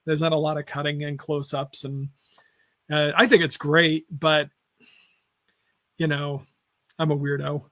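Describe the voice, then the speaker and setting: A man's voice: on the high side, level tone, unhurried, long pauses, fairly bright tone. A man hosting a casual film discussion, rambling through film trivia with many fillers and restarts. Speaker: podcast host.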